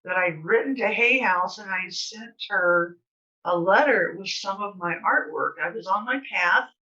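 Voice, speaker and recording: A woman's voice: mid-range voice, measured pace, sharp tone. An older woman telling stories in a chatty, rambling way, full of fillers, as a guest speaker. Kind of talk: casual storytelling. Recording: slightly distant, dull sound.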